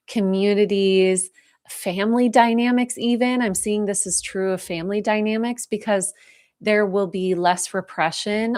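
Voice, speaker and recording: A woman giving a live spiritual talk, speaking softly and slowly with heartfelt pauses as she answers viewer questions, moved close to tears. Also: medium pitch. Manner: soft, heartfelt, slow and reflective with pauses.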